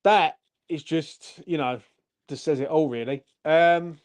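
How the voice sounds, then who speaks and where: A man's voice: a little high, a little slow. A young man, hosting a fan channel's post-match live stream and ranting furiously, with lots of swearing.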